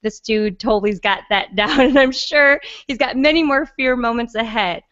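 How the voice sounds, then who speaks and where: A woman's voice: on the high side, moderate pace, a bit bright, dull audio. A woman hosting a podcast interview, enthusiastic and encouraging, talking casually with some light swearing. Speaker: podcast host.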